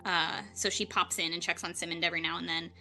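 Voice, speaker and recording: A woman running a tabletop game as game master, narrating in a chatty, relaxed way with many fillers. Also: on the low side, fast talker, soft background music.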